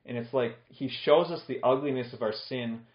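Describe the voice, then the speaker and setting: A man's voice: mid-range voice, moderate pace. A male pastor giving an expository sermon in a conversational way, explaining scripture with plain everyday examples. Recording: echoey room, dull lo-fi sound.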